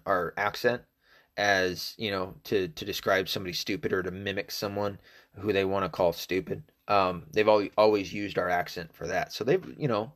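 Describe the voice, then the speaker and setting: Profane rambling Southern man, lowish voice. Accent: faint Southern US. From Arkansas, US South. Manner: profane, rambling, with many restarts. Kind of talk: casual rambling monologue.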